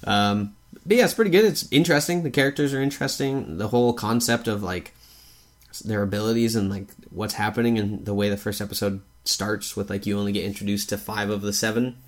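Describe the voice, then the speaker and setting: Young man, podcast co-host, lively storyteller, easy laughs, casual swearing. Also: fairly low pitch, a little fast. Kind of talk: casual chat.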